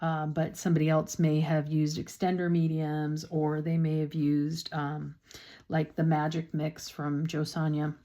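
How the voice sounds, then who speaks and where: A woman's voice: low-pitched, little pitch movement, measured pace, warm tone. A woman painting instructor talks casually through a step-by-step demonstration, with chatty, self-deprecating asides and a slightly sore throat.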